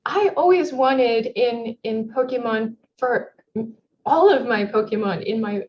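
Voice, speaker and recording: A young woman game developer chatting in an interview, friendly and rambling with many ums. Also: on the high side. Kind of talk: casual interview chat. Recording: dull lo-fi mic with faint noise.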